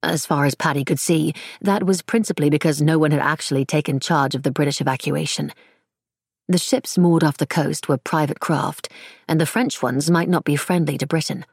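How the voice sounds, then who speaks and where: Low husky woman narrating a story. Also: fairly even intonation, a little fast, dry recording, clean studio sound. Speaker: audiobook narrator. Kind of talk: scripted narration.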